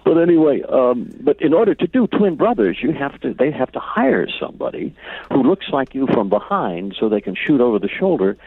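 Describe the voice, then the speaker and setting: A middle-aged man from Connecticut, telling an anecdote as a guest with an animated, mock-grand delivery. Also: mid-range voice, a little fast, breathy edge, no room sound. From Connecticut, United States. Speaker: actor and guest. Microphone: phone line. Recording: tinny phone line.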